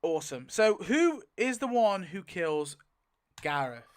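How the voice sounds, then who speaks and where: A man's voice: high voice, big pitch swings, measured pace, clean tone. A young man giving casual commentary as he spins a wheel to pick story outcomes, rambling with lots of filler and frequent swearing. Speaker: video creator.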